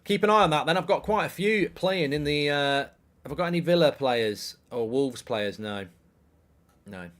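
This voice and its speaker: A man's voice: a little high, lively intonation, normal speed, a bit bright. A middle-aged man, hosting a live football watchalong, rambling, swearing and reading out viewer messages. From England. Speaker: host.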